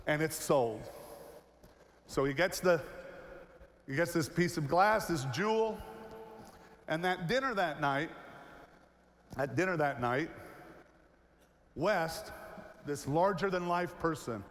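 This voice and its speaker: A man's voice: on the high side, slow, long pauses. A man in his fifties, a keynote speaker telling a story to a large audience and acting out its characters. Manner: animated, acts out the characters in his stories. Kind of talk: storytelling speech. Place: large hall, on stage. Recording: long hall reverb, faint noise.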